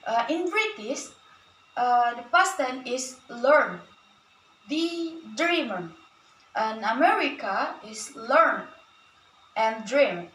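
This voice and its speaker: Young woman student presenter, Indonesian native, halting; high and slow, recorded from a distance in a roomy space. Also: animated, a bit bright, slight background noise. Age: young adult. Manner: halting, with frequent fillers and restarts. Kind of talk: class presentation. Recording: echoey room, from a distance.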